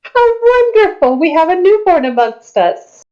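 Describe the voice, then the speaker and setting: A woman's voice: very high-pitched, very animated, moderate pace, warm tone, dull audio, pitched above the performer's own voice. A woman cooing as an ancient fey grandmother. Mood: cooing delight. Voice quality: sweet, cooing. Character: ancient motherly female fey being, delighted.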